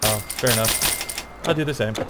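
A man's voice: on the low side, normal speed. A man hosting a casual co-op gameplay session, laid-back and chatty, laughing often. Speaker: gaming channel host. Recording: noisy home game recording.

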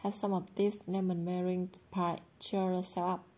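A woman's voice: lowish voice, level tone, moderate pace, warm tone, lightly acted. A woman voicing a cheerful joking teenage boy. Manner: light, joking.

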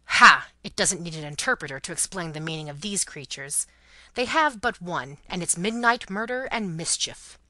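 A woman reading the part of a brisk, fiercely loyal Englishwoman companion who speaks emphatically and bossily. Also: fairly low pitch, expressive, bright, forceful tone, dry recording. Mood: indignant. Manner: emphatic and bossy.

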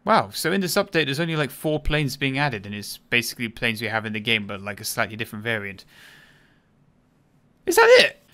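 A man's voice: medium pitch, animated, brisk, sharp tone. A man streaming a game, giving casual, joking commentary that is irreverent and profane.

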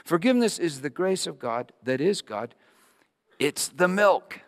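A man's voice: fairly high pitch, lively intonation, a little slow. Impassioned male pastor in a reverberant church. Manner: impassioned, swinging between loud peaks and hushed lines. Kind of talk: sermon with a told story.

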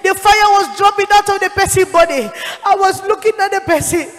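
Woman evangelist, high and fervent, shouting through tears in a reverberant hall. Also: brisk. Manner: impassioned, shouting, tearful. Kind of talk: sermon testimony.

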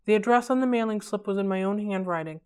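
A woman reading a novel aloud for a library read-along, in a steady, clear storytelling manner. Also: medium pitch, quick pace.

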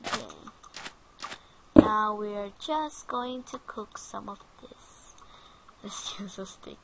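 A woman's voice: medium pitch, slow, creaky, fairly bright tone, slight background noise, low-quality recording. A woman narrating her own game play in casual commentary, giggling often and easily frightened. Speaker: gaming channel host.

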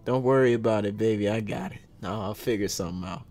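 A man putting on a calm, suave young game hero who murmurs low and quiet, unhurried and reassuring. The voice sits below his usual talk, with faint music in the background. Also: lightly acted. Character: cool, smooth-talking young male hero.

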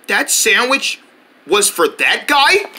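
Man playing a high, bright, bewildered guy, indignant. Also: very animated, slow, full character voice. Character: puzzled grown man missing his sandwich.

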